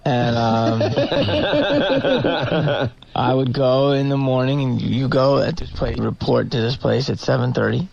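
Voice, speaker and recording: A man, a comedian guest on a radio show, telling stories casually with a sore throat and quick character voices. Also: medium pitch, expressive, creaky, darkish tone, breathy edge, lo-fi sound.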